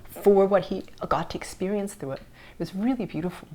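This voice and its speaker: Talking fairly quickly at a medium pitch, this middle-aged spiritual podcast host shares a personal story with real earnestness. When the moments turn tender, her voice falls to a soft whisper.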